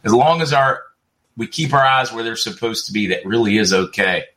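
A man's voice: mid-range voice, animated, normal speed, sharp tone. A middle-aged man hosting a casual livestream, chatting and reading viewer comments aloud with frequent laughs. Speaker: livestream host.

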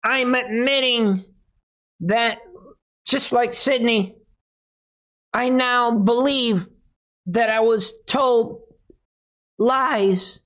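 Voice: mid-range voice, a bit bright, pitched above the performer's own voice, rough recording. A commentator putting on the voice of a remorseful woman lawyer, mock-sobbing in a whiny, exaggerated way. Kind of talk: mocking impression.

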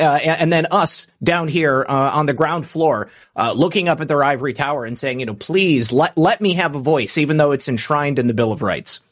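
A man hosting a loose political talk show, his voice sitting a little high for a man. He rambles through his points, restarting sentences and filling pauses as he goes. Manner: rambling, many fillers and restarts. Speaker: host.

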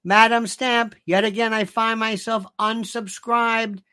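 A man's voice: high voice, level tone, measured pace, sharp tone, clear, resonant tone. A man hosting his own show, delivering an emphatic, opinionated monologue and repeating himself for emphasis. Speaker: show host.

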